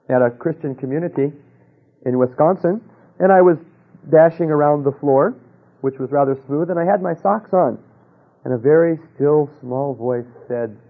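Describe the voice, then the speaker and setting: A man preaching a sermon, telling a personal story with rhetorical questions and dropping to a hush for quoted voices. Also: fairly high pitch, creaky, husky, phone-quality sound.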